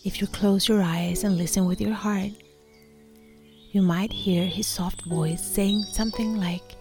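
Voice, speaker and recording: Slow, soft-spoken meditation guide woman. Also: medium pitch, steady tone, music in the background. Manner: soft, reflective, drifting into whispers.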